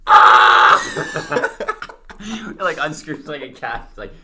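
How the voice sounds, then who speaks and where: A man's voice: a little high, normal speed, heavy background noise. A young man in casual podcast chat, swearing freely and telling stories with animation. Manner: profane, animated storytelling.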